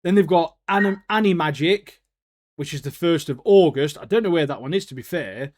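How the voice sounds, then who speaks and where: A man's voice: fairly high pitch, brisk. Chatty man with a raised voice. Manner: laughs often, slangy and excitable. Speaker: podcast co-host. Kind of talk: casual chat.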